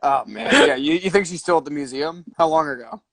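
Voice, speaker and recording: A man hosting a podcast, chatting casually with frequent swearing and quick asides. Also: a little high, a bit bright, dry recording. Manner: profane, quick asides, lots of filler. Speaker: podcast host. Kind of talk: casual chat.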